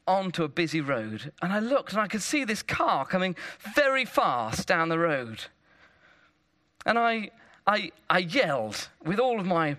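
A man's voice: sits high, sharp tone. A man preaching a sermon in a conversational way, telling stories and checking in with tag questions.

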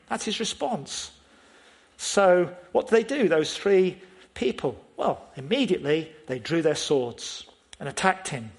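A man preaching a sermon in an emphatic way, often asking his listeners questions. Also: fairly high pitch.

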